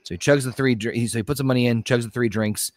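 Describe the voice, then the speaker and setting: A man's voice: mid-range voice, quick pace. A man co-hosting a casual podcast, telling a long joke and acting out the bar talk with loose, swearing delivery. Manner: rambling storyteller, acts out bar dialogue. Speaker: podcast co-host.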